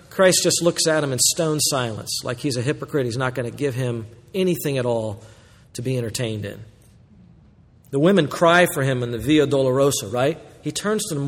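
A man preaching a sermon as pastor, moving between hushed, quiet lines and loud, excited exclamations. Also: a little high, husky, in a large hall.

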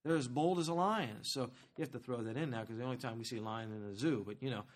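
A man preaching a sermon as pastor, talking to the congregation in a conversational, animated way and asking them questions. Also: mid-range voice, fast talker.

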